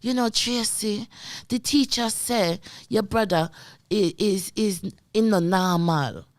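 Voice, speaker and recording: A woman's voice: medium pitch, takes it slowly, no echo, studio quality, natural voice. A woman doing her Jamaican-accented mother. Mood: informative.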